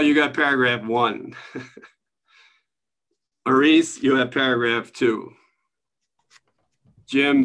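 Relaxed man leading a spiritual study group. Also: mid-range voice. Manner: relaxed, chuckling, conversational. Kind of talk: casual spiritual teaching. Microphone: video call.

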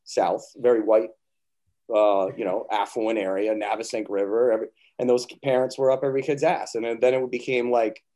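A man's voice: mid-range voice, level tone, fairly quick, mellow. A man chatting as a podcast guest, telling loose stories full of swearing and acted-out quotes. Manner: storytelling, swears, acts out quotes. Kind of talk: casual chat.

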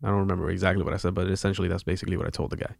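A man co-hosting a casual podcast, retelling a story in a relaxed, slangy way with a creaky voice. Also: sits low, racing, dry recording, studio quality. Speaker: podcast co-host and event videographer.

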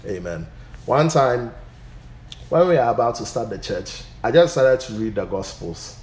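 A pastor teaching a Bible study, often stopping to say "Amen". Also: male voice, mid-range voice, animated, a little slow, a little mellow, reverberant. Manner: punctuates points with "Amen".

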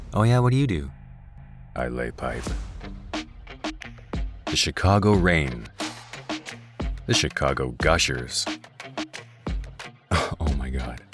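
A man with a very deep, low voice reads out a list at an unhurried pace, amused and often stifling laughter. Music plays clearly behind him. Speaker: guest reader. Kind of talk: reading a list aloud with laughter.

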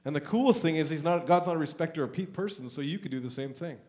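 A man preaching a charismatic Pentecostal sermon in a church, emotional and swinging between loud urging and soft, hushed talk. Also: a little high, fast talker. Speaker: pastor.

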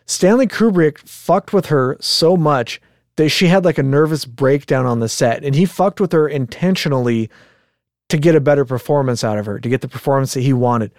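A man co-hosting a casual podcast chat, telling a story in an animated way, swearing freely and acting out quotes. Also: mid-range voice, moderate pace, no echo, clean studio sound. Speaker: podcast co-host.

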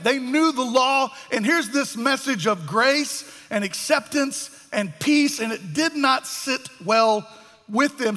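A man preaches a sermon, his voice high and bright. He talks animatedly and slips into the voices of the people in his story. The sound carries the long echo of a hall. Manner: animated, acts out voices of biblical figures. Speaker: pastor. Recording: echoey hall.

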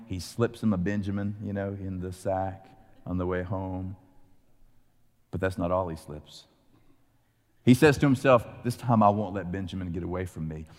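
A man preaching a sermon, retelling a scripture story with lively acted-out voices. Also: medium pitch, long reverb tail. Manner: animated storytelling, acting out voices. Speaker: pastor.

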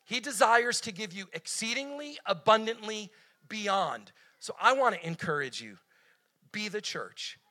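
Middle-aged male preacher, high bright voice, lively, acts out the quotes. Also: unhurried. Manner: energetic, animated, acts out quotes with sudden pitch jumps. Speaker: guest preacher. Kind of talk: sermon.

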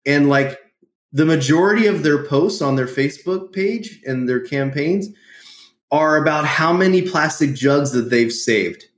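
Animated man telling stories, roomy sound. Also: on the high side, unhurried. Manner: animated storyteller, laughs often, acts out quotes. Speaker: podcast guest, entrepreneur. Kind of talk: casual interview storytelling. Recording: roomy echo.

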